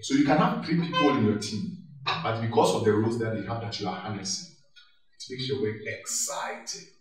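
A man giving an animated workshop talk, laughing and acting out office dialogue as he goes. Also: lowish voice, a little fast. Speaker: workshop speaker. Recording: echoey hall, mic far off.

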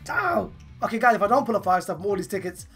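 A woman with a hoarse, partly lost voice giving casual commentary on her game pulls, excitable and bursting into laughs and shouts. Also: mid-range voice, rapid-fire, soft background music. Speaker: gaming channel host.

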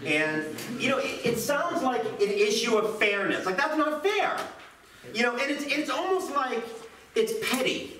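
A man teaching high schoolers in a classroom, chatty and self-deprecating, with lively jokes. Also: normal speed, crowd noise. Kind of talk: classroom lecture. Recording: roomy, distant classroom mic.

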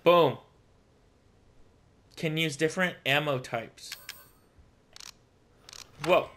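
Jumpy young man doing slow game commentary. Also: a little high, fairly bright tone, slight background noise. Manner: jumpy, talks to viewers, mutters to himself. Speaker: gaming streamer. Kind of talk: casual let's-play commentary.

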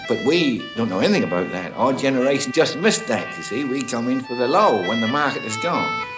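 A man's voice: mid-range voice, big pitch swings, a little fast, over music. A man in his sixties, a retired fisherman, reminiscing in a plain-spoken, rueful way in an old archive interview.

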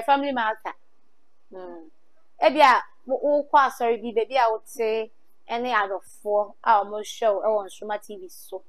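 A Ghanaian woman interviewing contestants for a talent show. She repeats their answers back in a lively way and mixes English into her talk. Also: fairly high pitch.

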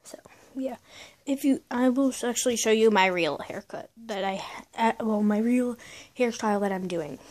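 A young teenage girl vlogs casually into a close webcam or phone, her voice sitting a little high. She rambles along and pokes fun at herself, and her talk is full of fillers and restarts. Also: moderate pace, darkish tone. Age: teens. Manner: rambling, self-deprecating, lots of fillers. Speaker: vlogger. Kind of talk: casual chat to camera.

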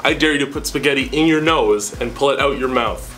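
Young guy doing a low flat dare-reader voice, deadpan, loud music behind. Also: brisk, natural voice.

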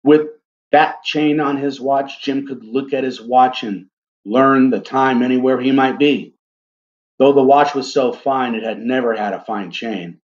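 A man reads a story aloud with a gentle, deliberate delivery. His voice sits at a middle pitch, and he turns to his listeners now and then. The recording sounds dull and lo-fi. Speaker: reader. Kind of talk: storybook reading.

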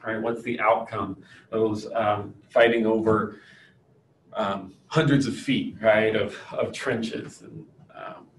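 A man's voice: fairly low pitch, steady tone, slow pace, a little hiss or hum. A man teaching a history lecture in a conversational way, often checking in with "right?". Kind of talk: classroom lecture. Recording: distant echoey room with faint ambience.

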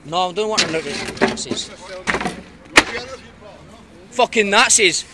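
A man shouting and swearing as he argues with street campaigners, recorded outdoors on a city street on a hand-held phone. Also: sits high, animated, slow pace, heavy background noise. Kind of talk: heated street argument. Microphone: phone camera held by the speaker.

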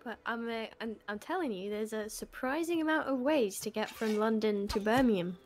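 A woman talking casually with friends during a game session. She is chatty and explains things in long, meandering stretches. The talk is relaxed and everyday. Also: on the high side, normal speed, faint music behind. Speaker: gaming stream co-player. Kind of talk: casual chat while gaming.

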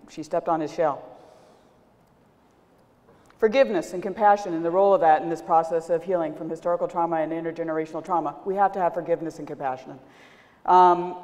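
Animated woman lecturing in a reverberant hall. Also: fairly low pitch. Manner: animated, addresses the audience. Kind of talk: public lecture with storytelling.

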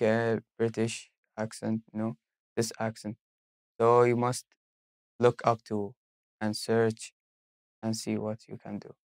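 A young man, a university student, speaking halting non-native English with frequent restarts in a casual interview. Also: fairly low pitch, darkish tone, smooth, dry recording, clean studio sound.

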